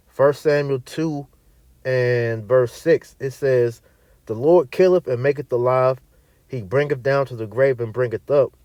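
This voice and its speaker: A man's voice: medium pitch, unhurried, warm tone, dry recording. A man preaching and teaching scripture, emphatic and repetitive, often tagging his points with "all right" and reading verses aloud. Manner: reads verses aloud in archaic wording; mutters away from the mic while searching.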